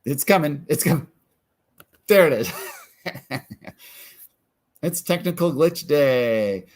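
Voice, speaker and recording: A man coaching viewers through a decision exercise in a calm, guiding way, often acting out the questions people ask themselves. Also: fairly high pitch, slow. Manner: calm, guiding, acts out inner questions in quotes. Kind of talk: guided self-help coaching.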